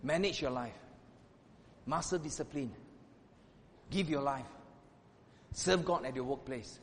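A man preaching a sermon as a pastor, swinging between loud exclamations and hushed asides. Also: a little slow, pauses often. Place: church hall. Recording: reverberant hall with faint rumble.

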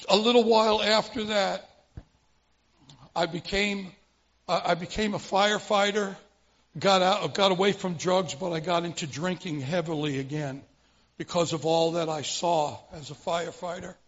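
High, gravelly man telling his testimony. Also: a bit bright. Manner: vivid storyteller, acts out scenes, frequent restarts. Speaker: speaker giving his testimony. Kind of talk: dramatic personal testimony. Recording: muffled recording with long hall reverb.

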